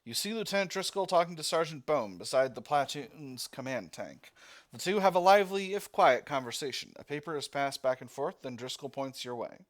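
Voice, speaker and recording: A man's voice: a little high, animated, a little fast. Man reading a text game aloud. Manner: reads narration, thinking aloud with fillers and restarts. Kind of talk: let's-play narration.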